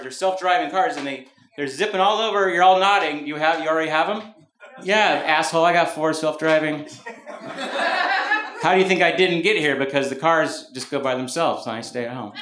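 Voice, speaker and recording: Wry stand-up comic in a roomy club. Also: male voice, fairly high pitch, a little fast. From Mountain View, California. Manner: wry, rambling, self-mocking asides. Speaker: stand-up comedian. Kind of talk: live stand-up set. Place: comedy club stage before a live audience. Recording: roomy live club recording, background noise.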